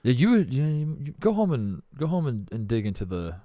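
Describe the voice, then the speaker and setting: A man with a mid-pitched voice, co-hosting a casual sports podcast. He talks in a laid-back way, stretching out his teasing remarks. The sound is close and dry. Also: very animated, a little fast, mellow, no room sound. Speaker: podcast co-host.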